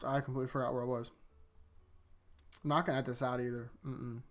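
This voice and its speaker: A young man casually recapping anime episodes as a show host, rambling and joking, quickly acting out quoted lines. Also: mid-range voice, level tone. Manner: loose, jokey, acts out quoted lines in quick voices.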